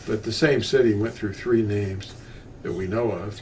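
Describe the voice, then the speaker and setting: A man's voice: fairly low pitch, normal speed, a little mellow. An older man teaching about scripture in a meandering, unscripted way, often restarting his sentences. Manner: meandering, with frequent restarts and asides. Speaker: bible teacher. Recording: distant mic with faint ambient noise.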